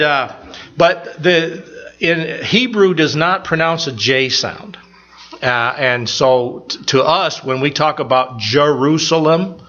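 A man's voice: medium pitch, pushed and bright, lo-fi sound. A man pastor giving a rambling, folksy sermon full of stories and fillers. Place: church.

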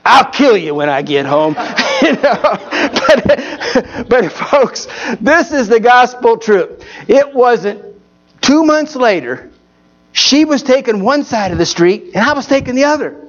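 A man's voice: very high-pitched, animated, slow, pauses often, dull audio. A man preaching a folksy Baptist sermon, telling stories and repeatedly asking his congregation for an amen.

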